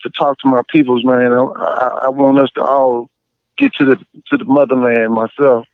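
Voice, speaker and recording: A man calling into a podcast, telling stories in an animated, emphatic way. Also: medium pitch, moderate pace, no echo. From Champaign, Illinois area. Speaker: caller. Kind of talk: casual call-in chat. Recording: tinny dry phone line.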